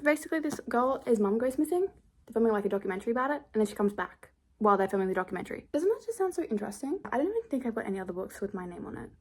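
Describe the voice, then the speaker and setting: A woman's voice: on the high side, big pitch swings, racing, slightly rough. A nineteen-year-old woman chatting casually to camera as a book vlogger, rambling with giggly asides.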